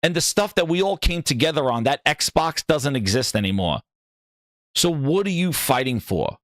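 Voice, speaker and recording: A man's voice: fairly high pitch, sing-song, moderate pace, fairly bright tone, dry recording, clean studio sound. A man hosting a gaming channel, ranting in heated, exasperated commentary with swearing and mocking asides.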